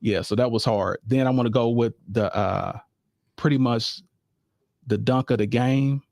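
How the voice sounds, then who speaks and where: A man's voice: mid-range voice, unhurried, gravelly, a little mellow, no echo, clean studio sound. A man hosting a live podcast in a casual, chatty way, talking sports and often addressing listeners directly. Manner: laid-back, repeats phrases, addresses listeners as y'all. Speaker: podcast host.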